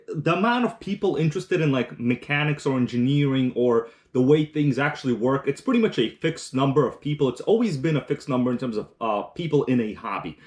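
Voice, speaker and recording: A man hosting a casual live stream, chatting while eating and reading viewer comments aloud, rambling with restarts. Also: on the high side. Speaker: livestream host.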